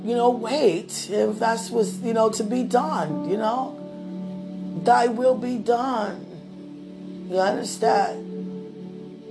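A woman's voice: mid-range voice, creaky. A woman talking tenderly and laughingly to God in a spoken prayer, at times speaking in tongues. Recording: music playing behind the voice.

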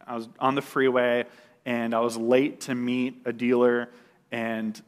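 A man's voice: mid-range voice, flat delivery, measured pace. A man sharing a personal testimony in a loose, conversational way, with fillers and restarts and an occasional laugh at himself. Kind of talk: casual personal testimony storytelling.

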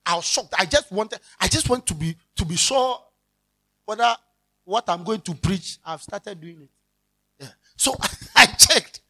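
A Ghanaian-accented pastor delivers an animated sermon, blending English and Twi and acting out everyday scenes. His medium-pitched voice moves at an unhurried pace, occasionally rising to a shout for emphasis.

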